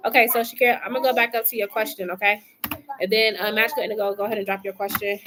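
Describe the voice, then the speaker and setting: Woman, tarot reader on a live stream, relaxed and colloquial, slightly high voice, faint noise behind. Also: brisk. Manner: chatty, colloquial, talks to chat as "y'all" and "love". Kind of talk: casual live-stream chat.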